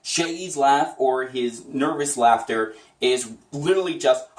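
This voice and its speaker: A man's voice: mid-range voice, measured pace, recorded from a distance. A man teaching voice impressions in a casual, chatty tutorial, upbeat and often laughing. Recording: roomy echo, away from the mic.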